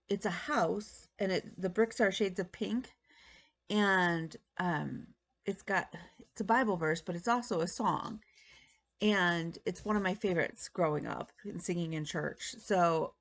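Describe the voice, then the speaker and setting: A woman's voice: medium pitch, vocal fry. A woman in her thirties chatting casually to camera as a stitching vlog host, rambling with many ums and restarts. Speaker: flosstube host.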